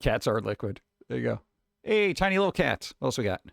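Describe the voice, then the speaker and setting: A man hosting a live stream, talking casually and chattily with relaxed asides. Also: mid-range voice, fairly quick, creaky, no room sound, clean studio sound. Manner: laid-back, chatty, trailing off into asides. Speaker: streamer host.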